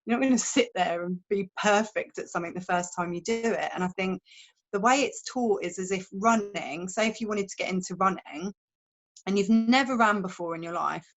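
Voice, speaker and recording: A woman's voice: medium pitch, fairly quick, poor audio. Frank, chatty woman explaining meditation. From fishing village. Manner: frank and chatty, swears, uses playful images. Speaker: meditation teacher and wellbeing guest. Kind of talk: casual podcast chat.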